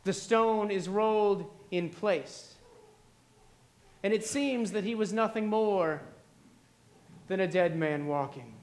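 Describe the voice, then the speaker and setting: A man's voice: sits high, takes it slowly, pauses often, darkish tone. A man preaching a sermon, retelling a story dramatically with repeated refrains. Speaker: pastor.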